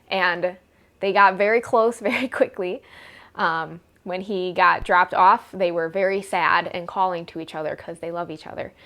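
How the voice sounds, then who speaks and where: A woman's voice: mid-range voice, a bit bright. A young woman vlogging a casual storytime, rambling and exasperated, with wry sarcasm.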